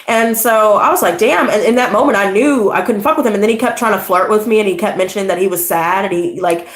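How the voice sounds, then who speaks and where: A woman's voice: medium pitch, fast. A young woman casually telling a personal story, rambling and swearing, with a lot of "you know" and "like". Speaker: tarot channel host. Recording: echoey room.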